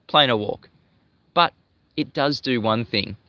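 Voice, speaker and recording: A man's voice: medium pitch, a little slow, pushed and bright. A man from Australia hosting a livestream, talking in an emphatic, repetitive, combative way. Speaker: livestream host. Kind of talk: livestream commentary.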